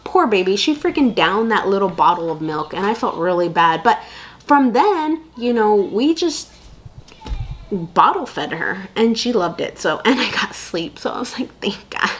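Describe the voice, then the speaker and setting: A woman's voice: mid-range voice, very animated, unhurried, slight background noise. A young woman vlogging candid parenting advice in a casual, chatty way, full of fillers and asides. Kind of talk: casual chat to camera.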